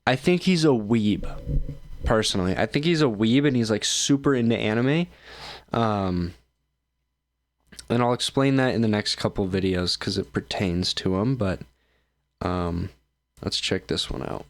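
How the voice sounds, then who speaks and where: His voice sits on the low side, unhurried and full of pauses, as this streamer host reacts to videos on his show. The commentary is loose and rambling; he's tired, yawns repeatedly, and teases himself along the way.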